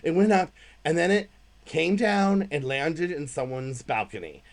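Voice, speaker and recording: An American woman co-hosting a podcast, telling a story in casual chat with animated delivery and playful sound effects. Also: low-pitched, unhurried. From United States. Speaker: podcast co-host.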